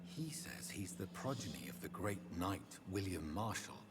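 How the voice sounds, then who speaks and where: An actor voicing an inquisitive gentleman who asks questions in a hushed whisper. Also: sits low, very animated, moderate pace. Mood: inquiring. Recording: game audio with noise.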